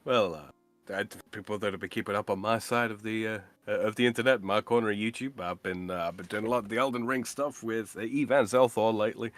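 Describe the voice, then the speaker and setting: A tired man co-hosting a live stream in casual chat, talking slowly and laughing often. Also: on the low side, steady tone, fairly bright tone, dry recording, faint music behind.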